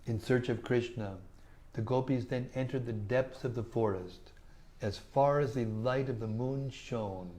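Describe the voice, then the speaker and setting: A man giving a measured, deliberate devotional scripture reading. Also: mid-range voice, dark tone. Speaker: scripture reader.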